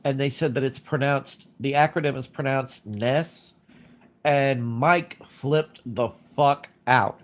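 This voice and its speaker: Talking slowly in a medium-pitched voice, a congested man hosts a livestream, casually chatting and reading comments. His nose is stuffed up, and he wanders off topic, says things more than once, and doesn't soften his opinions.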